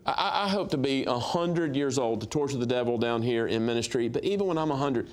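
A middle-aged man, a guest minister, telling lively stories on a talk show and acting out dialogue with laughs. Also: medium pitch, a little fast, hardly any pauses. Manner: animated storyteller, acts out dialogue, laughs. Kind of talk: storytelling testimony on a talk show.

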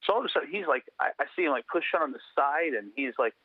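A man's voice: on the high side, animated, quick pace, no room sound. A man, a guest in an interview, telling a story earnestly with many restarts and fillers. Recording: tinny phone line.

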